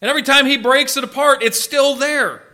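A man preaching a sermon, animated and conversational, swinging from loud emphasis to soft asides and asking his listeners questions. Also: very high-pitched, a little fast. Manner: conversational, asks the listeners questions and answers them. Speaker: pastor.

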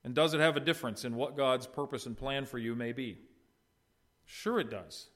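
A man's voice: mid-range voice, moderate pace, fairly bright tone. A middle-aged man preaching a sermon, addressing the congregation with rhetorical questions and short retold dialogue. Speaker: pastor.

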